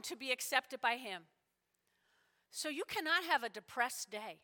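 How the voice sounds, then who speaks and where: A woman's sermon unfolds as an emphatic story in which she acts out quoted voices, heard with the long reverb of a large hall. Her high voice is animated, pushed and bright, at a measured pace with frequent pauses.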